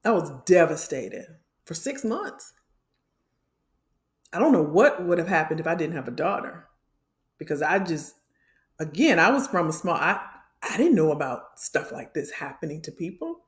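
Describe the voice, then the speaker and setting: A woman's voice: deep voice, big pitch swings, normal speed, pauses often, echoey room. A middle-aged woman from Illinois, a career coach talking passionately to her livestream viewers and calling them y'all. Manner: passionate, preachy, addresses the audience as y'all.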